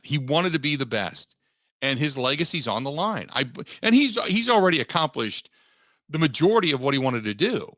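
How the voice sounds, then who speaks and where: A man hosts sports talk radio, hammering points with emphatic repeats. His voice is bright and forward. The studio sound is dry and close. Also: fairly high pitch, no echo. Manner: emphatic, repetitive restarts.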